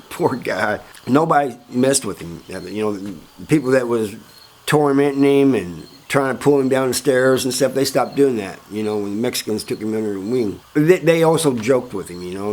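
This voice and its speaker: A man's voice: mid-range voice, animated, normal speed, slight background noise. A man hosting his own channel, telling a story in a laid-back, chuckling way with plenty of fillers. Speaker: host telling prison stories. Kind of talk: casual storytelling.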